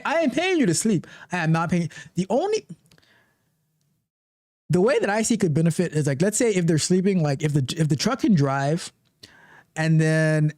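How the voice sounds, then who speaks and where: Guy riffing on a live tech stream, kinda high voice, dry, keeps repeating himself and joking. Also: dry recording. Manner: animated, repetitive, joking asides. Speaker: livestream tech show host. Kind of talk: casual live-stream commentary.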